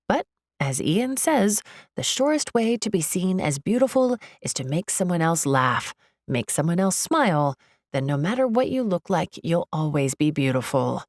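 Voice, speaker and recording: A woman narrating a first-person romance audiobook in a measured, wry manner. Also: deep voice, no room sound, clean studio sound.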